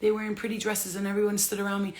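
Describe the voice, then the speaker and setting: Talking rapid-fire in a mid-range voice, a woman vlogs casually about her spiritual life in a monologue. Laughter and free swearing run throughout, and she acts out other people's words with animated impressions.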